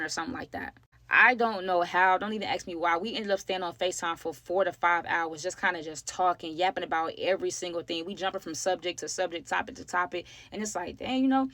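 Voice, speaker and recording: Fast-talking woman telling a story. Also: on the low side, a bit bright, no echo. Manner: chatty, addresses viewers as y'all, slangy. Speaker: storytime vlogger. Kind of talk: casual storytelling to camera.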